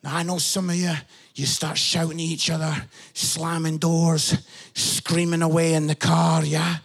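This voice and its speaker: Delivering a sermon, a middle-aged pastor shares family anecdotes with lively shouted emphasis, often tossing in "yeah?" He speaks a little slowly in a fairly high, husky voice with vocal fry.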